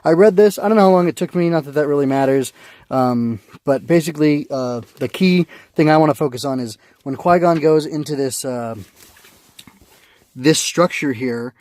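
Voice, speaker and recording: A man's voice: fairly high pitch, moderate pace, darkish tone, dry recording. A man giving a casual spoken review of a comic, rambling with many fillers and restarts, recorded on a phone.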